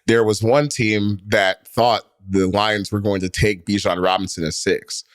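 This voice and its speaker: A man's voice: fairly low pitch, steady tone, unhurried, clear, resonant tone, dry recording, studio quality. A man co-hosting a sports podcast, talking casually and rambling through his points with lots of fillers. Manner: rambling, heavy on fillers and restarts. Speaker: podcast co-host.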